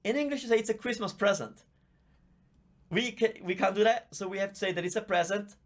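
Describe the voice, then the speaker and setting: A man's voice: sits high, brisk. A man with an Italian accent, a native Italian teacher giving a live online Q&A lesson, explaining patiently and chatting as he reads out viewer comments on a visible microphone. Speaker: language teacher.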